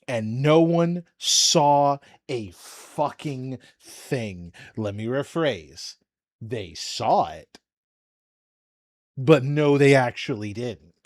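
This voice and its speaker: A man's voice: medium pitch, no room sound, studio quality. A man hosting a commentary video, ranting in a heated, sarcastic and profane way. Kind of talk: casual commentary rant.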